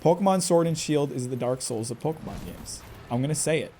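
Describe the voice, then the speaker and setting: A man's voice: fairly high pitch, expressive, a little fast, mellow, a little hiss or hum. A man commentating live on his own gameplay in a chatty way, talking to himself and to the enemy and exclaiming often. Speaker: game streamer.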